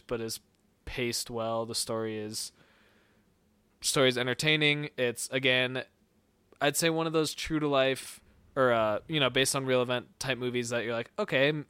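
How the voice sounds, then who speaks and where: Young guy podcast host rambling about movies, smooth clear voice, dry mic. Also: mid-range voice, a bit bright, no room sound. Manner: rambling, hedging with fillers. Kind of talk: casual movie review chat.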